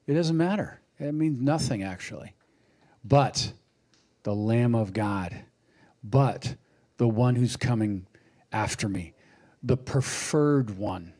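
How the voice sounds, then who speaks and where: A man preaching a sermon, unhurried and reflective, with lively acted quotes. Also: medium pitch.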